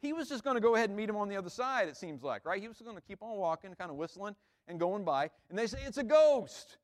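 A man's voice: high voice, lively intonation, quick pace. A man, a pastor, giving a conversational sermon in an informal way, repeating words and checking in with the listeners.

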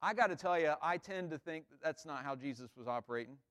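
A man's voice: on the high side, lively intonation, fast, a bit bright. A man, a pastor, giving a conversational sermon in an informal way, repeating words and checking in with the listeners.

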